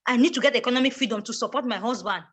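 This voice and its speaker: A woman's voice: on the high side, very fast, a bit bright, husky. Emphatic Cameroonian woman. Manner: emphatic, repeats words when pressing a point. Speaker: guest speaker. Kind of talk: passionate advocacy talk.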